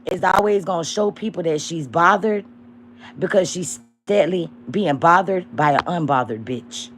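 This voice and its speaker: A young woman hosting a casual livestream, talking bluntly and profanely as she calls out a rival, swinging between loud mocking lines and low murmurs. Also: husky. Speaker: livestream host.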